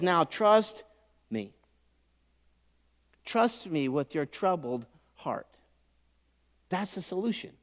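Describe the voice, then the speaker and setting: A man preaching a sermon as pastor, animated, swelling loud and then dropping soft. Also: sits high, slow, long pauses, in a large hall.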